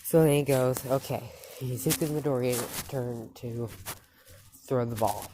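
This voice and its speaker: A woman telling an improvised fan story in a halting, loose way, with quick quoted lines. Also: a bass voice, noisy background.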